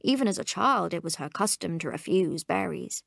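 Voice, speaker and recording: A woman reading as a pompous old gentleman. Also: on the low side, animated, normal speed, vocal fry, no room sound, clean studio sound, exaggerated voice. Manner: florid, courtly storytelling. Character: elderly genteel invalid uncle, pompous raconteur.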